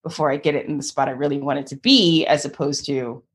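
A woman's voice: low voice, fairly even intonation, fast. A woman artist in her thirties telling her story in an interview, acting out the people she quotes and laughing often. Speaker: guest artist.

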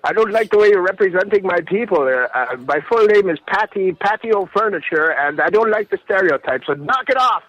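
A man putting on a high, scolding Saint Patrick with a deliberately hammy Irish brogue, calling in to complain. The voice sits well above a normal man's pitch, and the line is close and dry, with no room around it. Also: lively intonation, a bit bright, no room sound, rough recording. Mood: grumpy. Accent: put-on Irish. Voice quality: cranky, scolding. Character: prank caller posing as grumpy Irish Saint Patrick. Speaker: caller.

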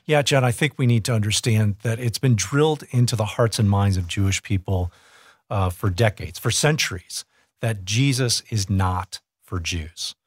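A man's voice: lowish voice, moderate pace, slightly rough, no room sound, clean studio sound. A man from a ministry, explaining earnestly as a guest on a radio show. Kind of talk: radio interview.

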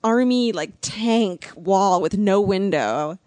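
Blunt, impatient woman with a lively voice. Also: medium pitch, takes it slowly, dry recording. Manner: blunt, impatient, swears a lot. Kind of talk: casual chat.

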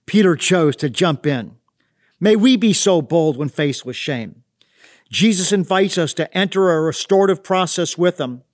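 A man with a notably high voice reading a devotional reflection. His tone is earnest and thoughtful, like a short read sermon. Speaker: devotional host.

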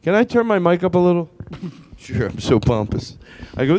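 A man's voice: fairly high pitch, a little fast, background noise. A man hosting a comedy podcast, rambling and laughing as he acts out a stand-up bit. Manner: animated, rambling, laughing, restarts. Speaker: podcast host.

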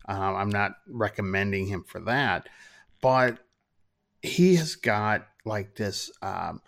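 A man's voice: on the low side, slow, creaky, a bit bright. A man from Minnesota, a photographer, talking as a podcast guest with dry, self-deprecating humor. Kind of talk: casual interview chat.

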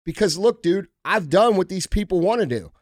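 A man's voice: high-pitched, animated, moderate pace, dry recording, studio quality. A man hosting a podcast in casual talk, ranting bluntly and heatedly with plenty of swearing. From United States. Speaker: podcast host.

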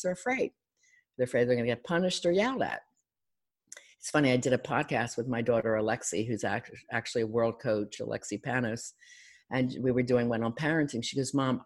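Energetic middle-aged woman coach. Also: extremely low pitch. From Philadelphia. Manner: energetic, teacherly, acts out clients' voices. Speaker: life and love coach, counselor. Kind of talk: guest on an interview podcast.

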